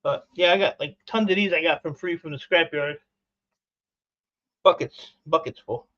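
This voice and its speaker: On a casual livestream, a man with a slightly high voice chats at normal speed while dismantling e-waste for scrap, gushing excitedly over his finds. The audio sounds dull.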